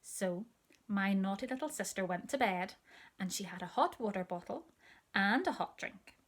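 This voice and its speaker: A woman reading a children's story aloud in a gentle, intimate way with soft asides. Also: medium pitch, animated, normal speed.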